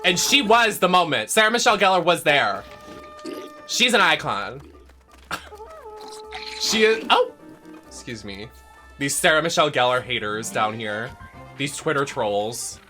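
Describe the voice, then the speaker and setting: A young man streaming a video game, ranting in a dramatic, sweary way that swings from shouting to muttering. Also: medium pitch, big pitch swings, normal speed, faint music behind. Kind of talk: casual rant while gaming.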